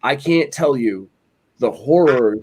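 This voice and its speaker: Rambling, animated male podcast co-host. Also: medium pitch, slow pace, husky. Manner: rambling storyteller, animated, lots of "like" and "you know". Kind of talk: casual chat.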